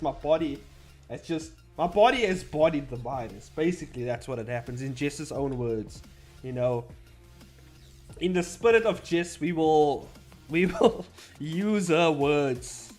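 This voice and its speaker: A young man chatting casually on a livestream, rambling and blunt, swearing freely. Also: a little high. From South Africa. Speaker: streamer.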